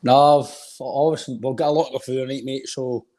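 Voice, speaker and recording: A man's voice: mid-range voice, steady tone, fairly quick, mellow. A Scottish man co-hosting a football podcast, rambling conversationally with a sore throat. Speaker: podcast co-host. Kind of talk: casual football chat.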